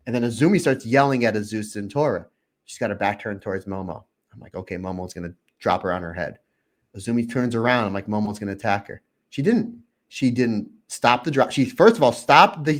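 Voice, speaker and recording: Man, podcast co-host, casual chat, excited, emotional, acts out his own reactions, voice of ordinary height. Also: medium pitch. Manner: openly emotional.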